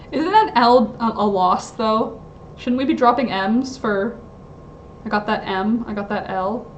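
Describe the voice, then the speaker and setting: A woman's voice: on the high side, slight background noise. Chatty woman rambling on a livestream. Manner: rambling, chatty, self-interrupting with frequent fillers. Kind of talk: casual live-stream chat.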